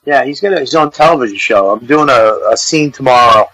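Calling in by phone as a guest comedian, a Boston man with a thick Boston accent argues loudly in profane, casual banter and keeps cutting in. His medium-pitched voice moves a little fast on a low-quality recording with no echo.

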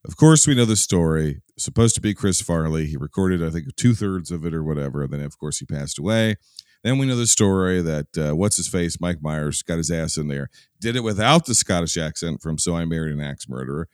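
Low-voiced podcast guy, wry and chatty, swears a bit, dry close sound. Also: expressive, brisk, clean tone, no echo. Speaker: podcast host. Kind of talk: casual chat.

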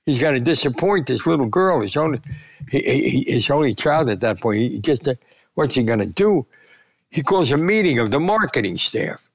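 An older man, a sportswriter, telling lively anecdotes in an interview and acting out the quotes. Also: mid-range voice, moderate pace, gravelly, no room sound. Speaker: sportswriter and columnist. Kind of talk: storytelling in a conversational interview.

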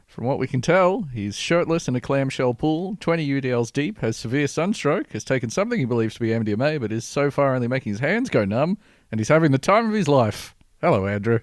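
A man with an Australian accent hosting a comedy podcast. He narrates in a dry, deadpan way. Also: medium pitch, dry recording. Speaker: podcast host.

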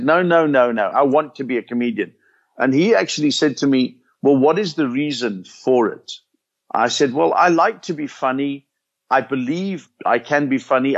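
An older man with a South African accent, a comedian telling lively anecdotes in an interview and acting out the lines he quotes. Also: medium pitch. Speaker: comedian guest. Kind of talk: storytelling interview chat. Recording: slightly dull lo-fi sound.

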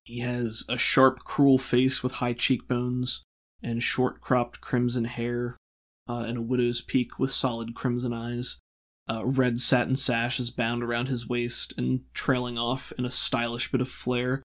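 Relaxed man narrating a tabletop game. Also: medium pitch, unhurried. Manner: descriptive, relaxed, many fillers. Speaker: game master.

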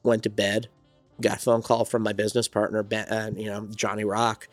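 A man's voice: fairly low pitch, flat delivery, brisk, no echo, soft background music. A man from New Jersey, a songwriter and studio owner, telling his story in a rambling, reflective way as an interview guest. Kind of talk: casual interview conversation.

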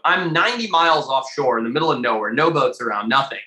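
Animated guy telling a story on a podcast, bright punchy voice, kinda echoey room. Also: fairly high pitch, quick pace, hardly any pauses. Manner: animated, swears freely, many fillers. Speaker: podcast guest, shark diver. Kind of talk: casual storytelling.

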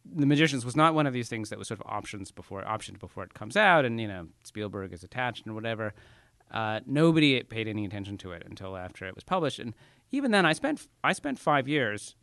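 A man being interviewed about his writing, talking casually, self-deprecating and halting with many restarts. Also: lowish voice, sing-song, vocal fry, fairly bright tone, dry recording. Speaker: author guest.

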